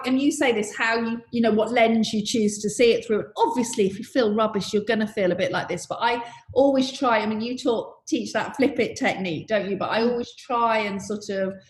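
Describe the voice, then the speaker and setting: A woman's voice: on the high side, brisk. A middle-aged woman talking thoughtfully as a podcast guest, in a chatty way full of "you know". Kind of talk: reflective conversation. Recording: roomy echo.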